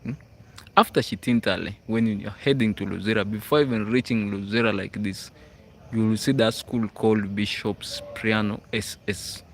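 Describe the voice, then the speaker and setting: His voice is fairly low, with fairly even intonation and a moderate pace. The man, a Ugandan livestream host with a Ugandan English accent, chats casually and reads out viewer comments with frequent "hmm?" check-ins, outdoors on school grounds at night.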